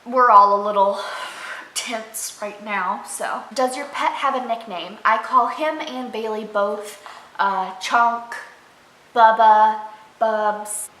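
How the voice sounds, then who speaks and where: A woman's voice: fairly high pitch, fairly even intonation, takes it slowly, pushed and bright. A young woman vlogging casually about her pet rabbit, chatty and gushing. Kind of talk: casual pet tag vlog. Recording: echoey room, faint noise.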